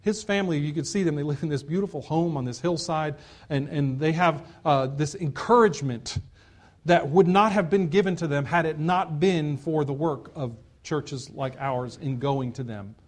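A pastor preaching from the pulpit in a slightly high, clear male voice. He drives each point home with emphatic repetition. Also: moderate pace. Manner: earnest preaching with repeated emphatic phrases. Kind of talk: sermon.

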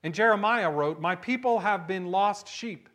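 A man preaching a sermon, animated, swinging from hushed low lines to loud high bursts and often asking the listeners "right?". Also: moderate pace. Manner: asks the audience questions, frequent "right?". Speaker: pastor.

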